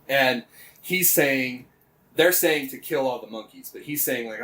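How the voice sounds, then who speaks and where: A man's voice: medium pitch, measured pace, pushed and bright, distant mic, poor audio. A man co-hosting a podcast, retelling a game story in casual chat, rambling with lots of fillers and frequent swearing. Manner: rambling, swears often, many fillers and restarts. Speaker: podcast co-host.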